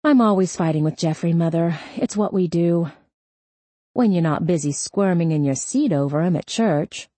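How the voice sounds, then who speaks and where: A woman's voice: lowish voice, normal speed, dark tone, no echo, close to an everyday voice. A woman reading an audiobook, voicing a guarded young adult daughter who talks back to her mother petulantly. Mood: defensive. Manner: petulant, defensive.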